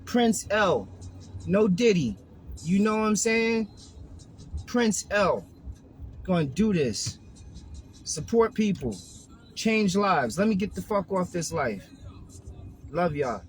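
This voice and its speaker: A man's voice: sits high, very animated, slow, pauses often, faint music behind, poor audio. A man with a Brooklyn New York accent delivering a profane, streetwise motivational rant from inside his car. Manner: profane, streetwise, hyped-up preaching. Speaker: vlogger.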